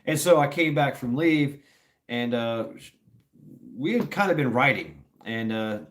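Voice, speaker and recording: A man's voice: mid-range voice, lively intonation, measured pace. Ex marine guy telling a story live, rambly, swears a lot, tons of fillers. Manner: rambling, profane, filler-heavy.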